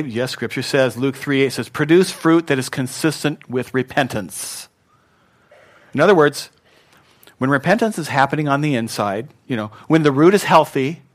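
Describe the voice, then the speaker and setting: A pastor's mid-range voice carries an emphatic sermon that moves between loud bursts and quiet passages. He leads the audience in repeating words back.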